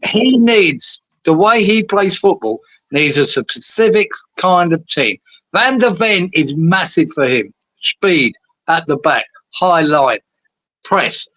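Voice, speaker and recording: Chatty man, fairly high voice. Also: expressive, slow, fairly bright tone, no echo, poor audio. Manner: chatty, swears and laughs along. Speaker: fan show host. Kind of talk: casual chat.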